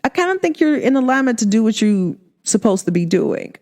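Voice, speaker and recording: A woman's voice: on the high side, sing-song, a little fast, a little mellow. A woman talking candidly to her viewers in a casual vlog chat, emphatic and full of slang. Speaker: vlogger.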